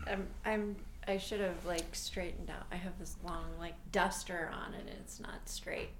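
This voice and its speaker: A woman from Colorado co-hosting a podcast in casual chat, lively and laughing often. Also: on the low side, a little slow, slight background noise. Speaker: podcast co-host.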